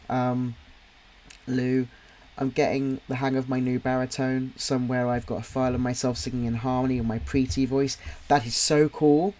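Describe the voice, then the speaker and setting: A young man who hosts a livestream chats casually as he draws, reading viewers' comments aloud with plenty of ums. His voice is mid-range and darkish in tone, and his manner is rambling and friendly, full of ums and restarts.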